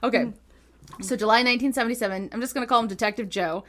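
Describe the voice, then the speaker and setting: A woman co-hosting a podcast, telling a true-crime ghost story in a giggly, animated, chatty way. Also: on the high side, very fast. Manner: giggly, animated, lots of laughter. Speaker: podcast co-host. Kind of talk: casual chat, storytelling.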